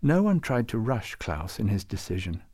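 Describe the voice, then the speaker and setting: A man reading a story aloud as narrator in a gentle, expressive way. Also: fairly low pitch, moderate pace, soft background music.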